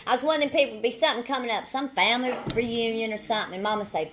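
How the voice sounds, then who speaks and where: A woman in her forties from the Southern United States shares her recovery testimony as an AA speaker, and her voice is a little high and expressive. She talks rapid-fire with hardly any pauses over background noise, telling her story in a folksy way with repeated phrases and dry humor.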